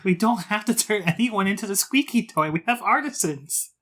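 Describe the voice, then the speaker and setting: A woman playing in a tabletop game, chatting casually and pitching joking schemes. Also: animated, normal speed, a bit bright. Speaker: player.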